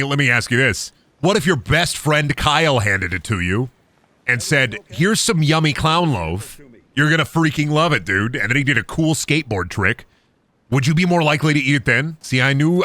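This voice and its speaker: A man's voice: mid-range voice, pushed and bright. A young man streaming a game, riffing in crude, rambling jokes as he plays. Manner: joking, crude, rambling riffs. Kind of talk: let's play commentary.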